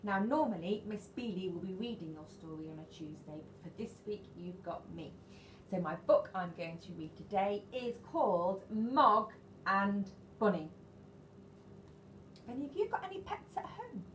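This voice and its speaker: A woman, a nursery teacher reading a picture book to young children in an animated, sing-song way and asking them questions. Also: mid-range voice, normal speed, background noise. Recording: echoey room, faint ambience.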